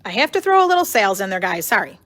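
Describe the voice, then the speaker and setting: A woman's voice: mid-range voice, very animated, very fast, fairly bright tone. A woman co-hosting a live sewing stream in a shop, friendly and chatty, answering viewers. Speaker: co-host, shop representative.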